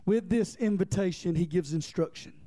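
A man with a strikingly high voice delivers a fervent sermon. He builds momentum through repetition, rising into shouts and pulling the congregation in with direct questions. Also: normal speed. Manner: impassioned, rhythmic repetition, bursts into shouting. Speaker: preacher.

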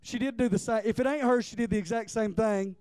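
A man preaches with rising passion, his voice pitched high for a man. He hammers words over and over and climbs toward shouts. The sound is dry, with no room echo. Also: quick pace, clear, resonant tone. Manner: impassioned, repeats words, builds to near-shouts. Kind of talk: sermon.

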